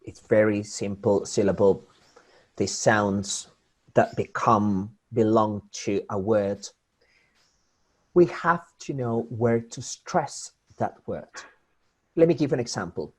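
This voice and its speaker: A man speaks slowly and deliberately in a husky voice, teaching English pronunciation. He repeats example words again and again and often breaks off and restarts his phrases while he explains. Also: lowish voice. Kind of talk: online English pronunciation lesson.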